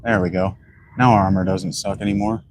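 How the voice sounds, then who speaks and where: A man with a somewhat low voice rambles bluntly through his opinions while he plays a video game. A faint hum of room ambience sits behind him. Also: steady tone, brisk, rough recording. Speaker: gaming streamer. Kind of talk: casual commentary while playing.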